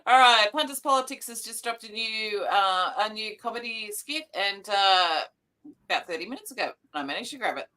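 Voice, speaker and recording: A woman co-hosting a live online news chat, with a bright, forceful voice. She reads headlines aloud and chats loosely, full of ums and asides, over a video call. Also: mid-range voice, animated, moderate pace, slight background noise. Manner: chatty, filler-heavy, reading headlines aloud. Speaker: co-host of a live news talk show.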